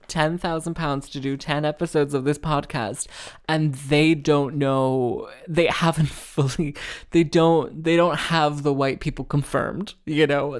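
Woman podcast host, low voice, sarcastic and rambling, casual chat. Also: smooth. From Wales. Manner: sarcastic, rambling, with frequent restarts and laughs.

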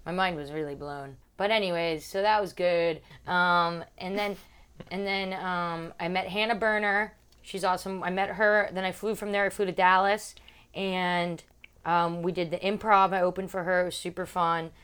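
A woman's voice: fairly low pitch, steady tone, normal speed, a bit bright, clean tone. A young woman, a stand-up comedian, telling a story in casual podcast chat and acting out other people's lines in big voices. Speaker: podcast co-host.

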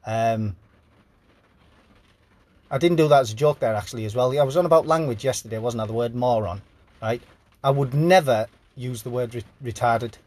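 A man's voice: mid-range voice, normal speed, long pauses, a little mellow. A sleep-deprived man hosting a podcast, reading headlines aloud and riffing on them in a rambling, jokey way. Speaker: podcast host. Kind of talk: casual news commentary.

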